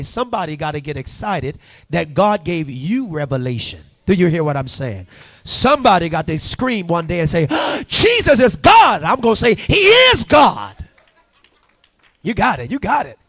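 A male pastor preaching in church, emphatic and call-and-response, rising to shouts. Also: on the high side, dry recording. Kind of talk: sermon. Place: church sanctuary.

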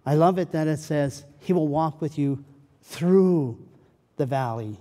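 A male pastor delivers a sermon in a high, unhurried voice. He moves from loud, pleading cries to a quiet, slow hush. The sound rings with the long reverb of a church sanctuary.

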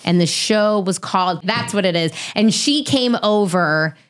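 A woman in her thirties telling stories as an interview guest, animated, profane and self-mocking. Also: medium pitch, a little slow. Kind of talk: casual storytelling.

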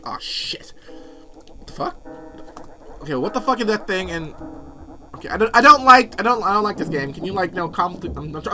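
Young male gaming host, high and lively voice, rambling, profane. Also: slight background noise. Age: young adult. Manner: rambling and profane, full of fillers; jumpy, yelps at scares. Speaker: let's play host. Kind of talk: casual gaming commentary.

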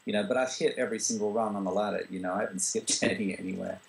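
A screenwriter and director from Australia, answering interview questions in a relaxed way, with frequent fillers and restarts. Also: male voice, lowish voice, rapid-fire, creaky, rough recording. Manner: relaxed, full of "you know" fillers and restarts.

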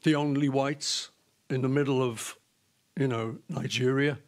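A man, a guest in an interview, telling a story in a lively way, laughing and acting out the voices of the people in it. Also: mid-range voice, unhurried. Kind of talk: casual anecdote telling.

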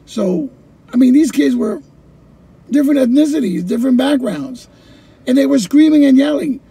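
A middle-aged man, a former ESL teacher, telling his personal story in an animated way, repeating phrases and acting out his own past thoughts. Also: very high-pitched, moderate pace, husky.

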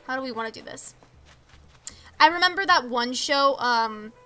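A woman's voice: high voice, pushed and bright. A teenage girl streaming a life-sim game, chatting casually with viewers and reacting to the villagers. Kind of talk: casual live-stream chat while gaming.

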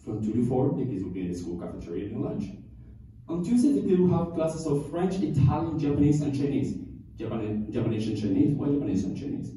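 A young man from Cuba doing a stand-up comedy routine, telling stories with deadpan punchlines and chuckling at his own jokes. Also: mid-range voice, fast. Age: young adult. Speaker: student comedian. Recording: echoey room from far off, faint ambience.

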